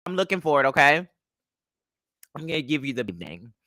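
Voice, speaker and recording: A man's voice: on the high side, very animated, a little fast, bright, forceful tone, no room sound, clean studio sound. A young man hosting a casual livestream, telling a story in a sassy, chatty way and greeting viewers by name. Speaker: livestream host.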